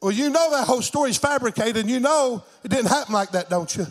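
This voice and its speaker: A man's voice: very high voice, fast, pitched above the performer's own voice. A man voicing a skeptical, mocking woman schoolteacher in a sermon story.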